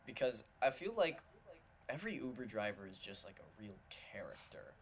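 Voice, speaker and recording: A man co-hosting a podcast, telling a lively story in casual chat. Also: fairly low pitch, normal speed, a little hiss or hum. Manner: animated storytelling, often quoting others. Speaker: podcast co-host.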